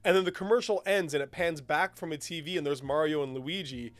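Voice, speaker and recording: A man co-hosting a podcast, talking in an enthusiastic, animated way and laughing often. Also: on the high side, brisk, no room sound. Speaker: podcast co-host. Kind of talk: casual chat.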